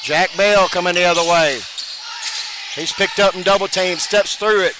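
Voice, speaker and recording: A man with a high, light voice calls basketball play-by-play in a brisk rhythm, jumping up loud on big plays. Loud gym noise and bouncing balls sit under his voice throughout. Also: fairly even intonation. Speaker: play-by-play announcer. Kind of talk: play-by-play commentary.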